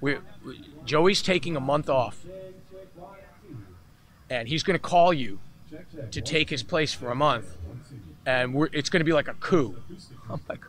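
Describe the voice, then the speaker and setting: A man's voice: mid-range voice, a little slow, pauses often. A man, a musician guest in a casual interview, telling stories and acting out the voices of the people in them. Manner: animated storyteller who acts out other people's voices. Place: festival interview setting.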